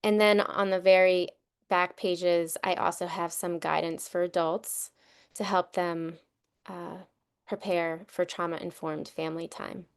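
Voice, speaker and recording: A woman in her thirties chats casually over a video call as she presents her book. Her voice is smooth and clear, and she pauses with little fillers and restarts as she goes. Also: fairly low pitch. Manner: warm, relaxed, with fillers and self-corrections. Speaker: author and trauma consultant. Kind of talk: casual talk at a virtual book launch.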